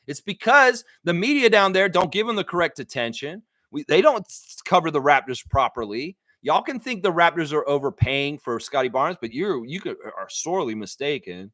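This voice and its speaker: A man from Canada hosts a live sports stream and talks bluntly, ranting and reading the chat aloud. His pitch sits a little high and swings widely, with a bright, forceful tone. The sound is close and dry. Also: sing-song, normal speed, few pauses, dry recording. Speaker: livestream host.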